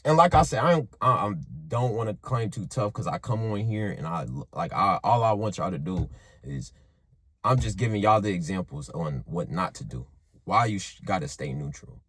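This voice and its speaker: A man with a husky voice and a somewhat high pitch tells a story in a casual monologue. His delivery is animated and profane, and his pitch leaps up and drops often as he moves between hushed and loud. The sound is dry and close. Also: normal speed, no echo. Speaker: motivational vlogger.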